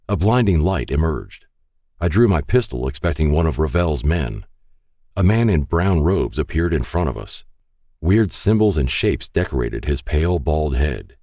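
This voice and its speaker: A man's voice: extremely low pitch, warm tone, dry recording, clean studio sound. A man narrating a first-person story in an earnest, reflective way.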